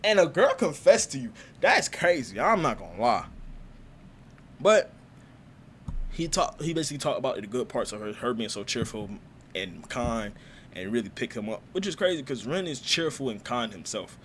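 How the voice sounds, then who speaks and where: A man giving casual, slangy reaction commentary on a manga chapter, excitable and quick to laugh. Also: medium pitch, a little hiss or hum.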